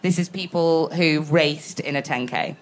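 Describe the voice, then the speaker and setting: Woman host, lowish voice, playful, self-deprecating, live-event chat. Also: unhurried. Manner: jokey, self-mocking, presents facts playfully. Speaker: podcast co-host. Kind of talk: casual live podcast chat.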